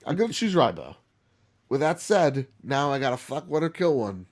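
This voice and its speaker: Animated male podcast host. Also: mid-range voice, normal speed. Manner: animated, rambling, laughs often. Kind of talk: casual podcast chat.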